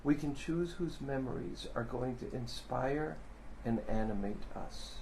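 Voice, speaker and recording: A psychotherapist speaking in an earnest, measured way about memory and the people we have loved. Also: male voice, mid-range voice, vocal fry, a little mellow, a little hiss or hum, rough recording. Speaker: psychotherapist and co-host. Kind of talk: reflective speech.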